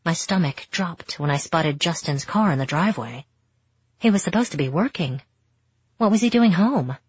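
Husky low-voiced woman narrating a novel. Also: expressive, moderate pace, a little mellow, no room sound, highs cut off. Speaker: audiobook narrator. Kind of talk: first-person novel narration.

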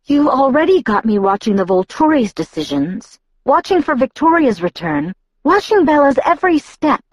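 A woman's voice: sits high, sing-song, normal speed, dry recording, voice pushed up. A woman reading aloud, voicing a cold, exasperated young woman pushing back with rising insistence.

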